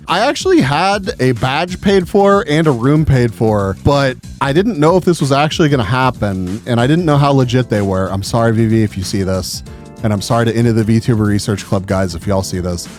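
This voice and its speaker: A man telling a con story in a casual vlog, swearing freely and getting exasperated. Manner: profane and animated, pitch jumping up when exasperated. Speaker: vlogger.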